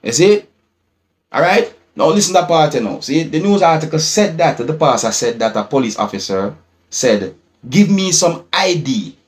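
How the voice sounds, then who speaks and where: A man's voice: a little high, lively intonation, moderate pace. A man with a Jamaican accent, a vlogger retelling a news article, often asking viewers whether they see his point. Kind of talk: news commentary vlog.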